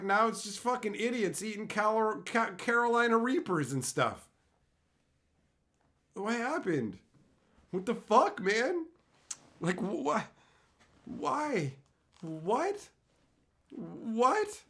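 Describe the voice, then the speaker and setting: A young male streamer chatting casually with his viewers, his voice pitched a little high. He is bright and sharp, with pitch swinging widely as he rants in exasperated disbelief and swears freely. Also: very animated, slow, pauses often. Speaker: streamer reading chat. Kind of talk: casual live-stream chat.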